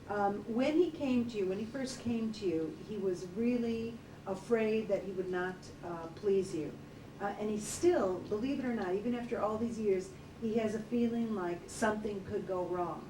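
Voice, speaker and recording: Distant woman in a gentle consultation. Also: mid-range voice, moderate pace. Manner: gentle, hesitant, relays animal thoughts with many fillers. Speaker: animal communicator. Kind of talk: relaxed consultation talk. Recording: distant, roomy, noisy field recording.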